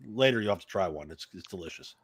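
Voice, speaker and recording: Easygoing male game master for a tabletop game, low voice, halting delivery. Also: animated, fairly bright tone, slightly rough. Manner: easygoing, halting, many fillers.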